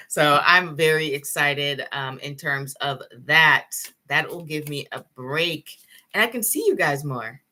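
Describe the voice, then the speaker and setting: A woman's voice: low voice, sharp tone. A young woman hosting a live tarot stream, chatting casually with her viewers and laughing often.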